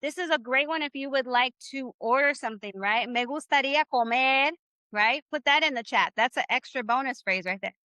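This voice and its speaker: Woman, slightly high and bright voice, encouraging language teacher on a dry video call. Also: brisk, no echo. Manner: upbeat, encouraging, keeps asking "right?". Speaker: Spanish teacher. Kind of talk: live online class.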